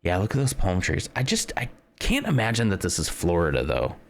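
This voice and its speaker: A man streams live while playing a location guessing game, chatting casually with viewers, thinking aloud, and greeting people by name. His voice is low-pitched and fairly quick, with huge swings in pitch.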